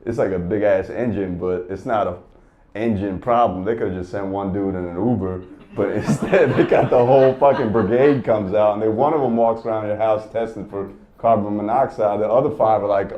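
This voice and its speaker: A man's voice: on the low side, moderate pace, warm tone, lo-fi sound. A man doing stand-up comedy, telling a story as a profane, exasperated rant.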